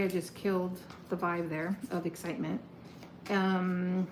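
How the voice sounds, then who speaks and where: A chatty woman reading tarot for her viewers, loose and excitable, muttering to herself as she handles the cards. Her voice sits mid-height, in an echoey room with a faint hum of ambient noise behind her. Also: mid-range voice. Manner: chatty, excitable, swears casually, talks to herself while shuffling. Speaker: tarot reader. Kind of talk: casual tarot reading to camera.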